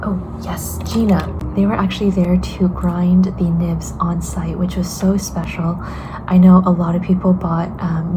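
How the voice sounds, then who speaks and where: A woman's voice: lowish voice, noisy background. Tired, half-whispering woman vlogger. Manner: soft, half-whispered, emotional thanks. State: tired, a little hoarse. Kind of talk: casual vlog talk to camera.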